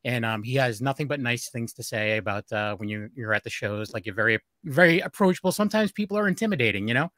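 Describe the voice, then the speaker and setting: A man's voice: medium pitch, animated, fast talker, hardly any pauses, a bit bright, no echo, studio quality. A man hosting a podcast, chatting casually and rambling with lots of fillers. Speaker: podcast host. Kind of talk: casual chat.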